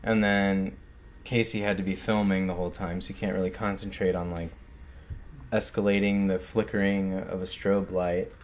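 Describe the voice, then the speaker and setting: A man's voice: deep voice, flat delivery, moderate pace, slight background noise. An American man who co-directed and acted in the film, chatting in a casual director's commentary with dry, sarcastic asides. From United States. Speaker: co-director and actor.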